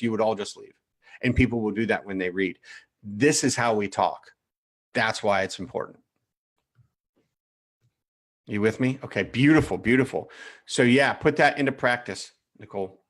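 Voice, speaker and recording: A lowish-voiced man speaking at a moderate pace runs a live coaching session. Animated, he reviews profiles aloud, addresses viewers by name, and tends to repeat himself.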